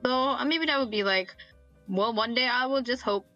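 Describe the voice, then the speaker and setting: A woman's voice: on the high side, moderate pace, sharp tone, dull audio, faint music behind. A young woman from Malaysia, a guest in a casual interview, talking hesitantly and correcting herself often. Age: young adult.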